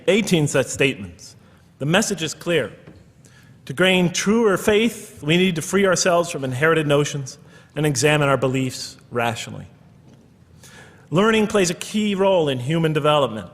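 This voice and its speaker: A man's voice: on the high side, animated, normal speed. An American man giving a public lecture to an audience, conversational with wry asides. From United States. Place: large lecture hall with audience. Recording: long reverb of a large hall.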